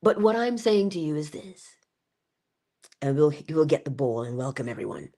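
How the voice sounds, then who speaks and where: Animated woman giving a congested motivational talk. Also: deep voice, normal speed. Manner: animated, preacherly, greets viewers by name. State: congested, coughing. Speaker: inspirational speaker and host. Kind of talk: live-streamed motivational talk.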